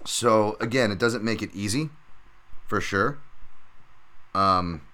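A man's voice: lowish voice, slow pace, bright, forceful tone. A man hosting a podcast, recapping fights in a casual, rambling way and calling his listeners folks. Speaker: podcast host.

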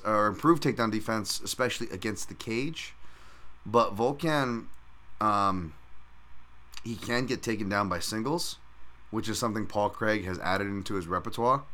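A podcast host breaks down fights and bets in a casual sports-betting discussion, ranting heatedly and with plenty of profanity. His voice is on the low side, bright and forceful.

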